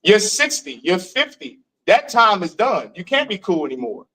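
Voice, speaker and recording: A man's voice: high-pitched, big pitch swings, normal speed, bright, forceful tone, rough recording. A man from Missouri giving a preachy street lecture, telling stories and putting questions to the room. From Missouri, USA.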